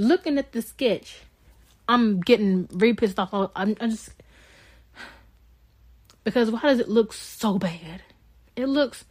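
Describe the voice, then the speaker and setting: A woman co-hosting a podcast, telling a story in an animated, exasperated way. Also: mid-range voice, no room sound. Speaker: podcast co-host. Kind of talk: casual storytelling chat.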